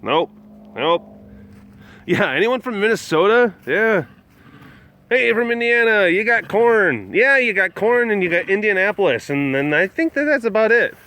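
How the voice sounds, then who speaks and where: Livestreaming outdoors from a big cat facility, a young man from southwest Wisconsin, USA, jokes around and reads viewer comments. He's animated and talks at a moderate pace, swinging between loud hype and low mumbles.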